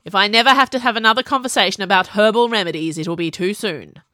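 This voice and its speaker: A woman's voice: mid-range voice, fast talker, bright, forceful tone, dry recording, close to an everyday voice. A woman voicing a stern, short-tempered middle-aged king who talks brusquely, recorded on a close mic. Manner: demanding, brusque.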